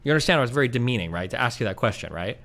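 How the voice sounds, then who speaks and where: A man's voice: mid-range voice, very fast, creaky. A man hosting a livestream, arguing heatedly and swearing often as he debates his guests. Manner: animated, argumentative, swears often. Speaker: streamer host.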